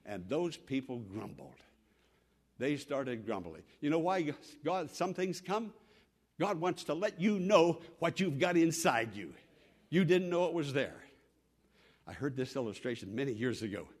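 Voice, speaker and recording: Dramatic high-voiced male preacher. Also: sing-song, a little slow, husky. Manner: dramatic, repetitive emphasis, acts out voices. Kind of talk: sermon.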